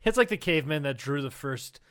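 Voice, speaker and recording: A young man with a high, bright voice trades jokes on a comedy podcast. His delivery is forceful and playful, and swearing and laughter run all through his casual banter. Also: animated. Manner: joking, profane, quick to laugh. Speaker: podcast co-host.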